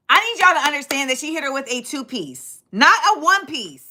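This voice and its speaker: A middle-aged woman hosting a livestream, telling stories in an animated, dramatic way and acting out quotes. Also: sits high, fairly quick. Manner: animated, dramatic retelling with acted-out quotes and laughter. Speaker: livestream host. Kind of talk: casual storytelling to a live chat.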